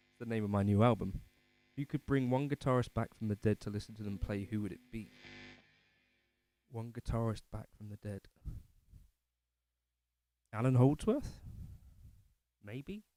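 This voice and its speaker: A man's voice: fairly low pitch, a little slow, pauses often, warm tone, soft background music. A man hosting a casual livestream from his living room, rambling and self-deprecating as he answers chat comments. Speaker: livestream host.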